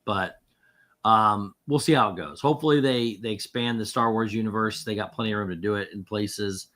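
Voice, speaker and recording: A man's voice: on the low side, a little fast, a bit bright. A man co-hosting a podcast in casual chat, rambling with lots of fillers and restarts. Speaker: podcast co-host.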